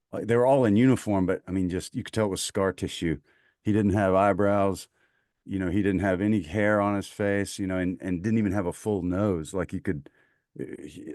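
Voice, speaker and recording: A voice actor appearing as a podcast guest speaks with a low voice and a Southern US accent, telling a war story in casual conversation. He's an animated storyteller who acts out the voices of the people in it, captured in clean studio sound with no echo.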